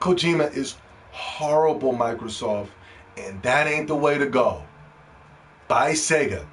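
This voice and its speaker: A man hosting a gaming podcast, ranting and pleading, dropping to hushed begging and then rising to shouts. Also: medium pitch, animated, unhurried, a little hiss or hum. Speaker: podcast host.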